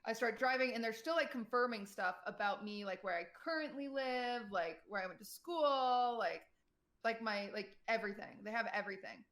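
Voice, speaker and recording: A young woman streamer telling a personal story to her chat in a casual, animated way, full of fillers and quoted voices. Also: on the high side, normal speed. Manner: animated retelling, quotes people, many "like" fillers.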